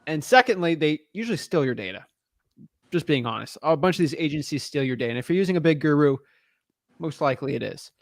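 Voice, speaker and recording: A man's voice: on the high side, animated, fast talker, no room sound, studio quality. A man coaching a newcomer on a call, blunt and frank, calling him man and dude. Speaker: real estate wholesaling coach.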